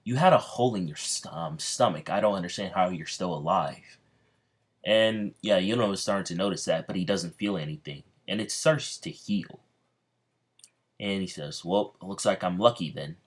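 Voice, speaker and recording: A man casually narrating a fan story, rambling and halting with many fillers and restarts. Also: deep voice.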